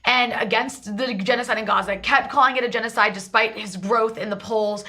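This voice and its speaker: A woman's voice: fairly high pitch, fairly even intonation, fairly quick, bright, forceful tone. A woman hosting a political talk show, delivering emphatic commentary in long run-on stretches. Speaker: show host.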